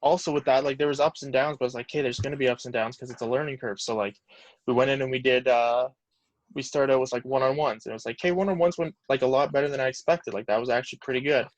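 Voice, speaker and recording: A man's voice: medium pitch, fairly even intonation, fast, no room sound, highs cut off. A man in his twenties telling stories as an interview guest, rambling and peppering his talk with "like.". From Canada. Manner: rambling, heavy use of "like", reflective. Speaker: guest, pro football lineman. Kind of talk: casual storytelling interview.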